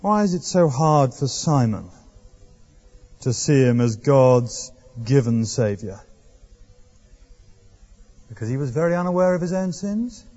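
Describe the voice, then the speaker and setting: A man's voice: medium pitch, lively intonation, unhurried, pauses often, mellow. A man preaching a sermon, telling the story in a wry, conversational way. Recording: dull lo-fi recording in echoey hall.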